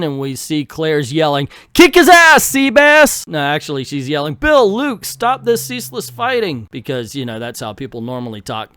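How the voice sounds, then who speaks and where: A man's voice: on the high side, clean tone, dry recording, clean studio sound. A man in his fifties reviewing a comic book casually, with sarcastic asides.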